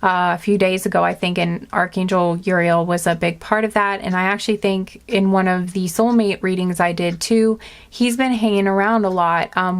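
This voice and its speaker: A woman giving a casual tarot reading to her viewers, rambling and heartfelt with many fillers. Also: lowish voice. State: tearful, emotional. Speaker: tarot reader.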